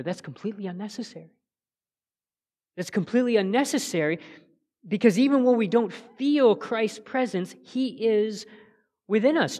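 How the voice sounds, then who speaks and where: An earnest man preaches a sermon from the pulpit. He builds to emphatic peaks, then drops to soft, quiet lines. His voice carries with a long reverb through a church sanctuary. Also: high voice. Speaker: pastor.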